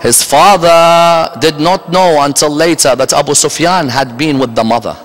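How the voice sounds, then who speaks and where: A man's voice: fairly high pitch, normal speed. A man giving a sermon, emphatic and fond of rhetorical questions to his audience. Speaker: religious lecturer. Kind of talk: Muharram majlis sermon. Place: large religious center hall. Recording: echoey hall.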